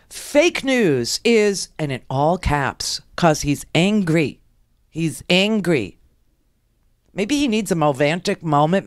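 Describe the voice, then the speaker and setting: A woman's voice: a little high, no echo, studio quality. A middle-aged woman hosting a political talk radio show, with a sarcastic, mocking delivery. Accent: New York.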